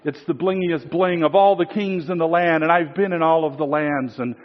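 A man voicing a fawning male flatterer who heaps praise on a king. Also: on the high side, normal speed, dull audio, voice pushed up, natural voice. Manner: over-the-top fawning praise. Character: gushing male flatterer at a king's court.

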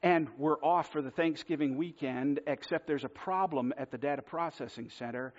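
A man's voice: a little high, moderate pace. A man preaching a sermon, telling a self-deprecating personal story in a conversational way. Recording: dull lo-fi sermon recording.

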